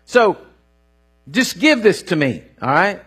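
A middle-aged man, preaching a sermon in an animated, folksy storytelling way with rising bursts and a husky voice. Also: high voice, takes it slowly. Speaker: pastor.

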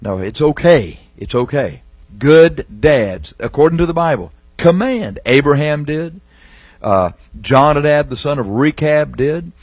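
A middle-aged man preaching a sermon, emphatic, slowing down to stress key phrases as he reads scripture. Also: a little high, animated, no room sound.

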